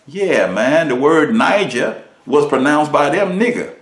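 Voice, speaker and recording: A man's voice: expressive, unhurried, hardly any pauses. Emphatic preaching man, roomy echo. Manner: emphatic preacher, rhetorical questions, big swings in pitch and volume. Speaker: minister. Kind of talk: preached lesson.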